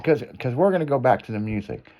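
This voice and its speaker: A man's voice: medium pitch, expressive, fast, lo-fi sound. Man, radio host, crude storyteller, swears a lot, laughs mid-sentence. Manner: profane, laughing through his story. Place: radio studio.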